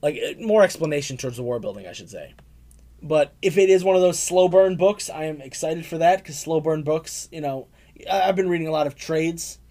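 A man's voice: a little high, animated, fairly quick, warm tone. A young man co-hosting a casual comic book review chat, rambling with lots of fillers and laughs. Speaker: comic book podcast co-host.

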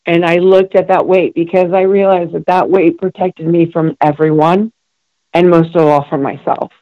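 A woman's voice: on the low side, steady tone, moderate pace, warm tone, no room sound. Emotional woman telling a recovery story. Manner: emotional, heartfelt, many fillers and restarts. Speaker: guest. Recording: dull, dry lo-fi recording.

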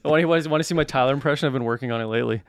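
A man's voice: mid-range voice, rapid-fire, smooth, no room sound. Laughing guy telling stories. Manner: laughs often and hard mid-story; swearing, rambling. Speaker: podcast co-host. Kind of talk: casual banter, storytelling.

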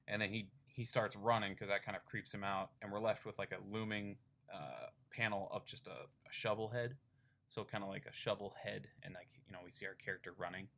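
A man's voice: on the low side, steady tone, a little fast, sharp tone. A man co-hosting a podcast, rambling through a casual comic book recap with lots of fillers. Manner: rambling retelling with fillers and laughs. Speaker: podcast co-host.

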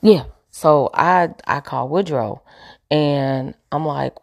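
A woman's voice: sits low, moderate pace, gravelly. A woman telling a personal story candidly, emphatic and repeating her points with preachy asides.

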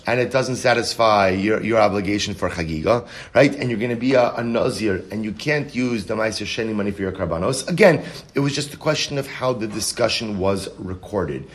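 A man teaching a Talmud class, reading the Aramaic text aloud and then explaining it in English with rhetorical questions. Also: on the low side.

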